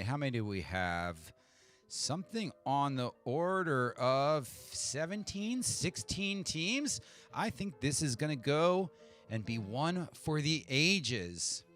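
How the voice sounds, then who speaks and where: A quiz host runs a virtual pub quiz from his home streaming setup, speaking into a desk mic with adjustable EQ. Very animated yet slow, with a mid-range, fairly bright voice, he chats casually, mocks himself and talks to himself between answers over soft background music.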